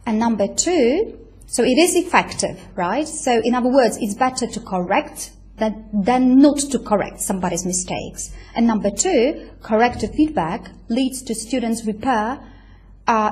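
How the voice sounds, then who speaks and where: A woman's voice: a little high, expressive, normal speed, darkish tone. A woman giving a university lecture, explaining step by step with many fillers and checking in with "right?". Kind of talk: recorded lecture.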